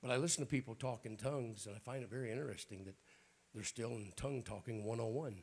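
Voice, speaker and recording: A man, a bishop, preaching a sermon at a church prayer night in a raspy voice with folksy jokes and frequent throat clearing. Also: mid-range voice, fast talker. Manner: folksy, joking preacher talk.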